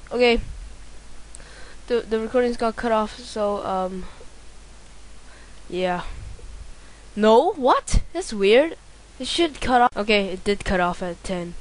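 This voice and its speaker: A woman doing let's play commentary, excitable, swearing a lot and yelling at the game. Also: medium pitch. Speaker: gameplay commentator.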